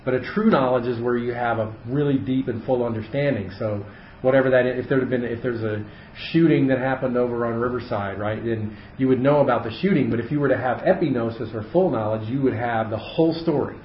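A man's voice: medium pitch, fairly quick, a little hiss or hum. A man leading a casual Bible study for a small group, thinking aloud with frequent fillers and restarts. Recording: echoey room, muffled audio.

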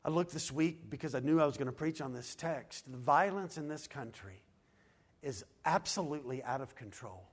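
Pastor guy preaching, pretty high voice, earnest, goes loud then real quiet. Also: lively intonation, moderate pace, husky. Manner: earnest preaching, swinging from loud pleading to hushed low lines. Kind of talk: sermon.

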